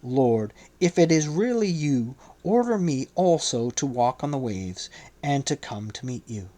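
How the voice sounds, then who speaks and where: A man's voice: medium pitch, animated, a little slow, close to an everyday voice. A man voicing an impulsive, proud fisherman in an audiobook reading. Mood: desperate. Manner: eager, then desperate shouts.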